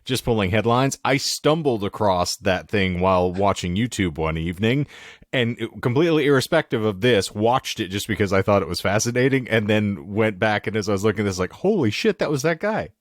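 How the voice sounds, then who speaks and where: A man hosting a casual podcast chat, reading out headlines with dry, wry asides that trail off low. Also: brisk, dry recording.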